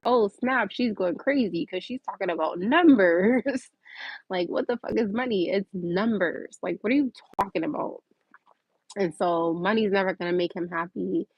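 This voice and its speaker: A woman's voice: mid-range voice, dry recording, highs cut off. Candid woman chatting on a livestream. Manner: candid, animated storytelling, reads viewer comments. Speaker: livestream host. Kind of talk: casual livestream chat.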